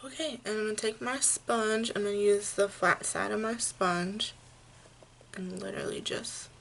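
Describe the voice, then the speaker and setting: A woman giving a makeup tutorial, explaining each step slowly and gently, with frequent fillers. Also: medium pitch, steady tone, creaky, slight background noise. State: hiccups. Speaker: makeup vlogger.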